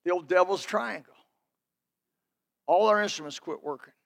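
A man's voice: high-pitched, moderate pace, vocal fry. A man preaching a sermon, telling folksy personal stories in an emphatic, building delivery.

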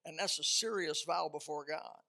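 A man delivers a storytelling sermon in a high, ringing voice with a forceful edge. He hammers points home by repeating words and lets his voice swell louder when he drives a lesson in. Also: moderate pace, creaky. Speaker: preacher.

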